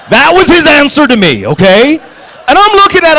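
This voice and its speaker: A man telling stories as a guest on a convention fan panel, animated and laughing, swinging from low murmurs to loud bursts. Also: normal speed. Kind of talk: casual storytelling on a fan panel.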